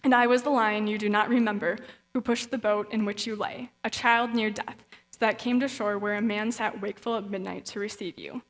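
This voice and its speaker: A woman reading the part of a mysterious lion who speaks from the mist, steady and solemn, in her own voice. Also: mid-range voice, a little fast, natural voice. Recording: long reverb of a hall.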